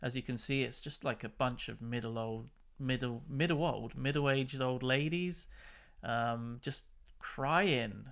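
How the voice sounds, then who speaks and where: Man, unhurried chatty commentary, exasperated, middle pitch, host of his own channel. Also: creaky, a bit bright. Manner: chatty and exasperated, laughs between remarks. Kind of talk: casual commentary on news clips.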